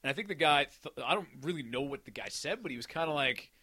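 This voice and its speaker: Bright, lively-voiced man telling a story. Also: a little high, fast talker, slightly rough, dry recording. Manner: animated, acts out quoted people. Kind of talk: casual storytelling chat.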